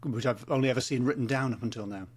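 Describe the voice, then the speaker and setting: A man calling in remotely as a podcast guest, teasing with a dry, deadpan wit. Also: medium pitch, racing, husky. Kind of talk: casual chat. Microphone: remote call mic.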